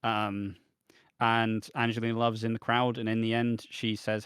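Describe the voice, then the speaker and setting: A man with a lowish voice, talking in a laid-back, offhand way as a podcast co-host. His remarks are dry and tend to trail off, and the recording is close and dry with no room sound. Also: monotone, moderate pace, fairly bright tone, clear, resonant tone, no echo. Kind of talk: casual chat reviewing wrestling.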